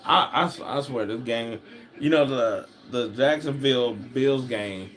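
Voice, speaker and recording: Dude rambling about the game as he watches, slangy and animated, mid-pitch voice. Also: unhurried. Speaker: football fan commentator. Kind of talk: casual watch-along commentary.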